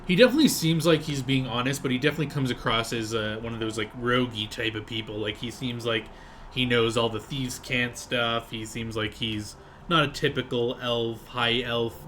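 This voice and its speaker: A man's voice: mid-range voice, a bit bright, slight background noise. A man running a tabletop game, narrating in a loose, rambling way with many fillers. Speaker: game master.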